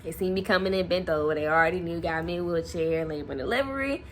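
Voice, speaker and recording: A young woman vlogger casually telling a personal story to camera, animated and laughing often. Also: on the low side, quick pace, a little hiss or hum. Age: young adult.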